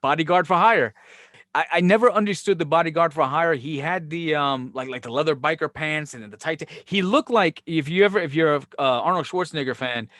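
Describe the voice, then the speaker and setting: This is a man spinning wrestling yarns on a podcast, a touch high in his voice. He swears easily and acts out every quote. The sound is close and dry. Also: fairly quick, dry recording. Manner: animated, profane, acts out quoted dialogue. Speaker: podcast host, former wrestling booker. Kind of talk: casual storytelling chat.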